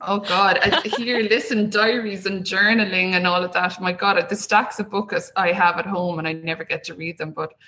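A woman's voice: medium pitch, normal speed, few pauses, a little hiss or hum, rough recording. A woman, a guest on an interview podcast, talking casually and acting out the voices she quotes. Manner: animated storytelling, acts out quoted voices. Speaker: guest, small business owner.

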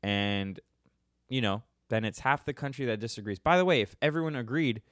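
A man's voice: mid-range voice, brisk, fairly bright tone, dry recording. Young male podcast host, loose and joking, dry close mic. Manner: irreverent, joking, laughs at own answers. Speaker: podcast host answering listener questions. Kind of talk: casual podcast chat.

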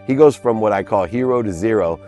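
Low-voiced man telling a heartfelt story. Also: animated, a little fast, dark tone, soft background music. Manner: emphatic, heartfelt storyteller who stresses key words. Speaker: interview guest. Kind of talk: personal storytelling in a podcast interview.

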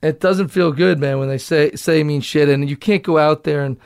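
A man's voice: a little high, moderate pace, a little mellow, smooth, no echo, studio quality. Candid man with a Boston accent. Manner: candid, loose, profane, laughing easily. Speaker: actor and director guest. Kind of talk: casual interview talk.

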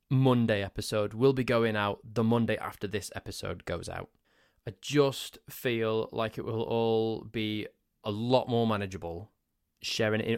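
A man's voice: lowish voice, no echo, clean studio sound. A man hosting a solo podcast, telling a story in a rambling, self-mocking way. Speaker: podcast host.

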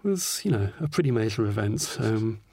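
A man's voice: lowish voice, animated, moderate pace, gravelly, warm tone, husky, no echo. Man, author guest on a podcast, thoughtful, lots of ums, dry close sound. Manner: thoughtful, hesitant, many ums. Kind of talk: podcast interview.

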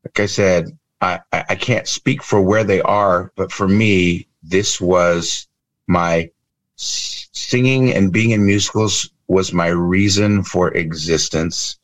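A man in his fifties, originally from California, speaks in a lowish, expressive voice as he recounts his story for an interview. He slips into acted-out quotes now and then, and the sound is dry and close over a video call. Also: slow pace, dry recording. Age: 50s. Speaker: guest, improv trainer and speaker. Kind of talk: emotional interview talk.

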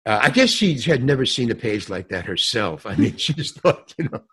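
A man's voice: medium pitch, fairly quick, slightly rough. An older man telling an anecdote in an interview, acting out the people in it, laughing as he talks and swearing casually. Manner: lively storyteller, mimics others, laughs mid-sentence, swears casually. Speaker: guest actor telling a story. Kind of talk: animated anecdote with acted-out quotes.

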